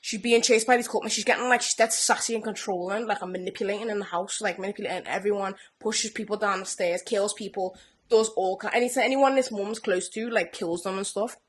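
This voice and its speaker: A young woman, co-hosting a casual podcast chat and retelling a TV plot with animated energy. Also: mid-range voice, brisk. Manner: animated storyteller who acts out characters' lines. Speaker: podcast co-host.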